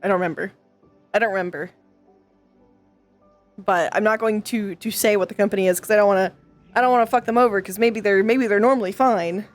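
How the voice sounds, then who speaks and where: A woman streamer vents to her chat in casual talk, frustrated, swearing often and stumbling over restarts. Her medium-pitched voice is steady and brisk, she pauses often, and faint music plays behind her.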